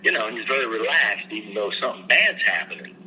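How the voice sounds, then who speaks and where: A man chatting casually about voice acting, telling stories with an animated delivery. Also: on the low side, fast. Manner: animated, slips into impressions. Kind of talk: casual storytelling chat. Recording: faint background noise.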